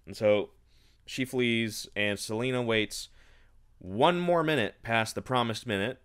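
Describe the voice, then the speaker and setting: A man's voice: mid-range voice, brisk, fairly bright tone, clear, resonant tone. A man giving a casual book review, rambling and sarcastic, exasperated by what he has read.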